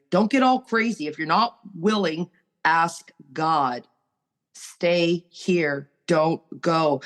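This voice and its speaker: A woman's voice: low voice, a bit bright. A woman sharing on a recovery podcast, earnest and preachy as she urges listeners on. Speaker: recovery group member.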